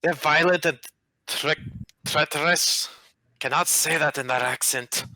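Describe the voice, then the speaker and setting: A man's voice: mid-range voice, unhurried, bright, forceful tone, clear, resonant tone, dry recording, poor audio. A man voicing a short-tempered male dwarf official who swears and speaks with a put-on accent. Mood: hostile.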